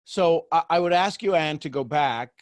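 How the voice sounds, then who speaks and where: A man's voice: a little high, normal speed, no room sound. A man hosting a coaching call, talking animatedly and acting out inner voices as he guides participants. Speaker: host and coach.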